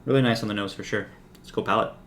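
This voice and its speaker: A man's voice: on the low side, steady tone, quick pace, fairly bright tone, slight background noise. A man hosting a whiskey review, talking casually and relaxedly with lots of "like" and "um" fillers.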